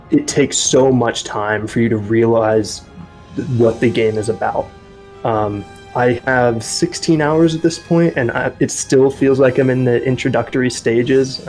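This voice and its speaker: A male co-host with a mid-pitched, ordinary voice, musing aloud with lots of ums and restarts. Faint music sits behind him. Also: darkish tone, low-quality recording. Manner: thoughtful, rambling with many ums. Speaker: podcast co-host. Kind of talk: casual podcast chat.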